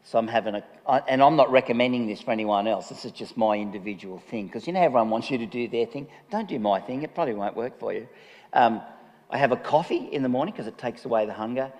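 A man's voice: medium pitch, fast, a little mellow, highs cut off. A man preaching a chatty, humorous sermon, often laughing at himself. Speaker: pastor. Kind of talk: conversational sermon. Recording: long reverb of a large hall.

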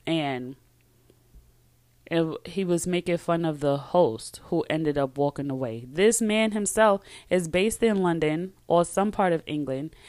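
A woman's voice: fairly low pitch, no echo. A woman hosting a podcast, talking on her own in a chatty, emphatic way and often trailing off and starting over. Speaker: podcast host. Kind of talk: casual solo talk with a read sponsor ad.

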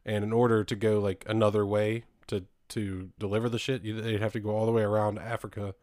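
A man's voice: on the low side, little pitch movement, fairly quick, darkish tone, no room sound, studio quality. A man co-hosting a casual podcast, rambling with frequent laughs and casual swearing. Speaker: podcast co-host.

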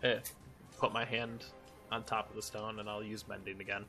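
A man playing a tabletop role-playing game, talking in a measured, easy way. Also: lowish voice, little pitch movement, pushed and bright, soft background music. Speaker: player.

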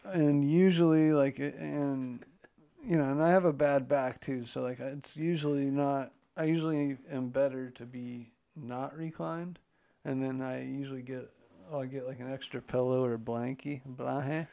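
A man's voice: mid-range voice, fairly even intonation, moderate pace, gravelly, warm tone. A man co-hosting a casual podcast, talking loosely and joking, swearing now and then. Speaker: podcast co-host. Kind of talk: casual chat.

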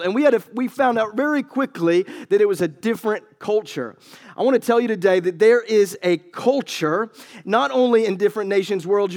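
A man with a notably high voice delivers a sermon. He chats through anecdotes in an easy way, then presses scripture with rising force. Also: darkish tone. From United States. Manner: storytelling, building to emphatic preaching. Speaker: pastor.

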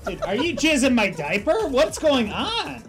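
A woman's voice: high-pitched, huge pitch swings, measured pace, loud music behind the voice. A woman in a studio chatting and coaxing the spins along during a slots session. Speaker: guest. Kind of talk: casual group banter while gambling.

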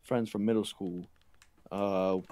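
A young man who is a guest on a podcast, talking in a halting way with many pauses and fillers. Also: fairly low pitch, steady tone, mellow. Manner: halting, full of ums and uhs. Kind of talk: casual podcast chat.

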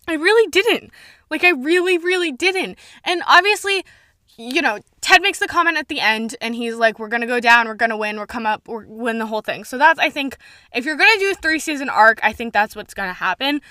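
Casting: young woman, bright high voice, animated fan-ranting podcast host, dry close mic. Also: fairly quick, dry recording. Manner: animated, gushing fan, swears for emphasis. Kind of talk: solo podcast review, excited ranting. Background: faint intro music at the end.

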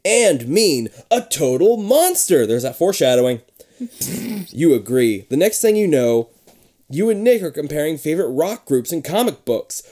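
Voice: mid-range voice, big pitch swings, normal speed, warm tone. A co-host reading a kids' horror story aloud for comedy and breaking off into sarcastic asides.

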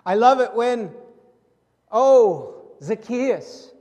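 High-voiced preacher in a reverberant hall. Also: male voice, very slow. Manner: animated, acts out Bible scenes with shifting voices. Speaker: pastor. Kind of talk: sermon.

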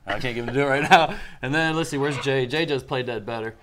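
An easygoing man who keeps birds answers questions on a talk show and laughs often. Crowd chatter can be heard clearly behind him. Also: mid-range voice, fast talker. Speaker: bird keeper guest. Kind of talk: casual interview answers.

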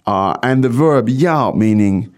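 A man's voice: medium pitch, animated, a little slow. A man hosting a podcast language lesson, explaining words in a chatty way with frequent fillers. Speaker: language teacher, podcast host.

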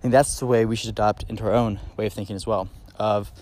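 A solo podcast host with a lowish, darkish voice talks fast in a steady tone. He's casual and enthusiastic, leaning hard on key points, with plenty of fillers and restarts.

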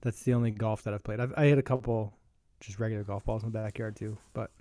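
A man hosting a sports podcast, leading the topics in a relaxed, enthusiastic way. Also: lowish voice, quick pace, no echo, studio quality. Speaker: podcast host. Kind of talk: casual podcast chat.

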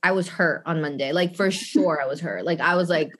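A woman's voice: sits low, brisk. A young woman in her twenties telling a story to friends in casual chat, cursing freely and acting out what people said. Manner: animated storytelling, heavy swearing, acts out quotes.

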